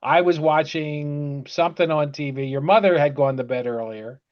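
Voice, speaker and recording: Older male co-host, slightly high voice, relaxed chuckling storyteller, dull call audio. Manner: unhurried, filler-heavy, chuckling. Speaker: podcast co-host, father. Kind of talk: casual storytelling chat.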